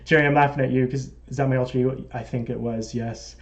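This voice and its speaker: A man's voice: on the high side, brisk, few pauses, a little mellow, lo-fi sound. A man with a Canadian accent hosting a casual live stream, chatting and reading out viewer comments. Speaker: model railroad live-stream host.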